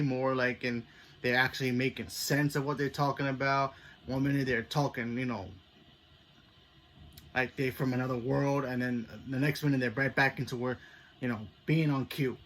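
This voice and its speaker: A man's voice: mid-range voice, a bit bright, slight background noise. Rambling man reviewing a TV episode. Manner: rambling, loose, lots of "you know" and "like"; thinking aloud, self-correcting. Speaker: TV show reviewer. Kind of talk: casual spoiler review.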